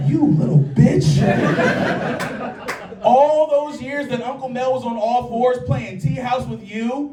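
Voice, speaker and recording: High-voiced man doing profane stand-up. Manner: profane, animated storytelling. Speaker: stand-up comedian. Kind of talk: stand-up comedy set. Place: live show at a small local art venue. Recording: roomy, distant mic, audience laughter.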